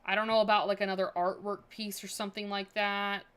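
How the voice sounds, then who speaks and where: A woman's voice: medium pitch, flat delivery, fairly quick, fairly bright tone, clean tone. A woman streaming a building game, chatting casually and thinking aloud with many fillers. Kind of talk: casual livestream chat.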